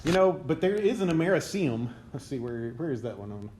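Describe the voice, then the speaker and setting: A man's voice: a little high, sing-song, brisk. Man, chemistry lecturer, classroom lecture, quizzes students, joking asides, noisy classroom recording.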